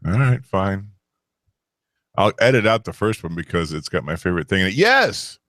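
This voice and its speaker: A man co-hosting a casual podcast, reading out quiz questions in an animated way, swearing and laughing often. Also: sits low, fairly quick, no room sound. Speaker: co-host running a quiz. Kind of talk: casual banter.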